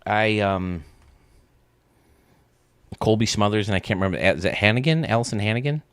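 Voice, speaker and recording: A man's voice: on the low side, moderate pace, fairly bright tone, clear, resonant tone, no room sound. A man hosting a live stream, chatting casually and ranting bluntly, often restarting his sentences.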